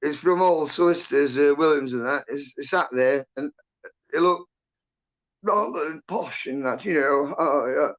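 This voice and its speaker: A man's voice: fairly high pitch, measured pace, a bit bright. A man telling a rambling, sweary, agitated story in casual chat. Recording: muffled lo-fi audio.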